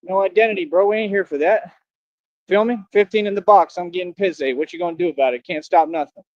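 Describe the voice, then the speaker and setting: A man's voice: high voice, no echo, highs cut off. A man livestreaming outdoors from the street, ranting in a boastful, taunting way, full of slang.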